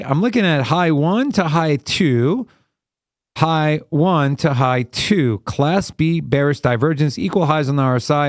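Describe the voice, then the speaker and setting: A man's voice: on the high side, no echo, studio quality. A man hosting a live trading stream, chatting with viewers by name and calling out chart patterns in a hyped, casual way.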